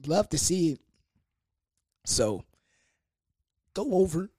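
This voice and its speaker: A young adult speaker spins a rowdy party story with swearing and slang, full of asides and fillers. The delivery is lively and comedic, sitting at a middle pitch. The sound is close and dry, with no room echo. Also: slow, slightly rough. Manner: animated, profane, comedic storytelling. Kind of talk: casual storytime monologue.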